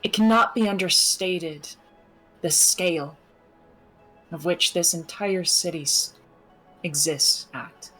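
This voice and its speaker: Low-voiced woman narrating as game master. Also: fairly bright tone, soft background music, rough recording. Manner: measured, descriptive narration with pauses.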